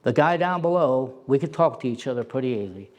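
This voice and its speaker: A middle-aged man telling stories as an interview guest, animated and acting out the voices he quotes. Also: mid-range voice, brisk. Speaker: interview guest, former prison officer. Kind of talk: storytelling in a conversation.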